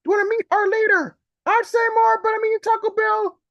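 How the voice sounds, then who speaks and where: A man performing comic poetry as a panicky male bystander, with shrill, frantic exclamations over a video call. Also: little pitch movement, a little fast, creaky, fairly bright tone, no echo, dull audio, heavily acted. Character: panicky adult male bystander watching monster chaos. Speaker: open mic poet.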